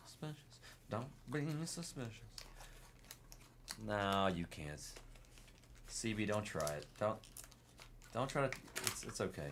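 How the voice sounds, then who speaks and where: A man hosting a live card break, commenting in a casual, excitable way and teasing his chat. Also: lowish voice, normal speed, gravelly, pauses often, slight background noise.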